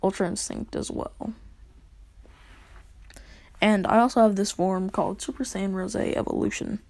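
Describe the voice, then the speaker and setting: A woman's voice: mid-range voice, fairly even intonation, moderate pace, gravelly, darkish tone. A woman telling a casual self-insert story, rambling and chuckling between lines. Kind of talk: casual fan-fiction storytelling.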